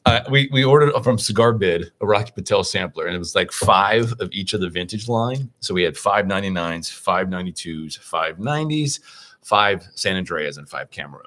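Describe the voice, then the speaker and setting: A man's voice: low voice, expressive, moderate pace, fairly bright tone. A man co-hosting a casual podcast, rambling through a story with restarts. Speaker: podcast co-host. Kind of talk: casual chat.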